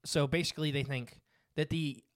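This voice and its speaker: Male podcast host, relaxed chatty delivery, reads from notes, dry close sound. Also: a little high, normal speed, dry recording. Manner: reads notes aloud with fillers and asides. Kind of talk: casual podcast chat.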